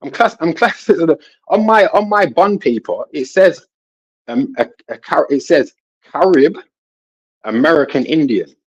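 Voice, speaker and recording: A man telling a long personal story in a casual panel talk, rambling and animated, often asking "you know what I'm saying". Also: fairly high pitch, unhurried, husky. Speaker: guest. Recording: dull lo-fi sound.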